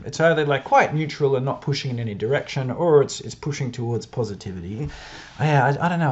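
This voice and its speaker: Chatty Australian man, lively pitch. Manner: chatty and self-doubting, laughs often. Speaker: video creator analysing newspapers. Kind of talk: casual commentary to camera. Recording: dull lo-fi sound.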